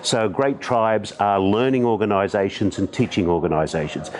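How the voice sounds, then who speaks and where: A man in his sixties with an Australian accent, a podcast guest telling stories in conversation with animated, self-deprecating humor. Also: on the low side, moderate pace, slight background noise. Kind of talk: conversational storytelling.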